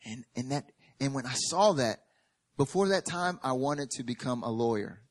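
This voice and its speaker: Guy preaching, animated storytelling, jokes and repeats stuff for emphasis, sometimes goes quiet and earnest. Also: medium pitch, moderate pace. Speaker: pastor. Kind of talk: sermon with personal testimony.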